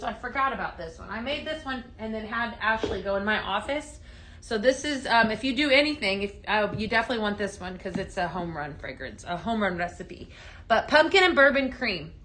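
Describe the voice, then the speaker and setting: On a studio set under hot lights, a woman hosts a live home fragrance show, chatting cheerfully as she demonstrates products and reads viewer comments aloud. Her voice is a little high, bright and forceful, and the recording is rough.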